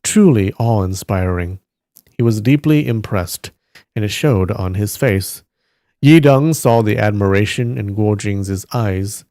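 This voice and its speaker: A man on a live stream reading a novel aloud at a steady pace, stopping now and then to react to the story. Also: on the low side, a little slow, no room sound, clean studio sound.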